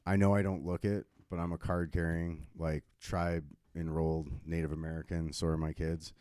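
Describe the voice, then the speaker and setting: A man chatting casually on a podcast, telling animated stories and shouting out quoted lines. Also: deep voice, moderate pace, smooth, no echo, studio quality. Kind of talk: casual chat.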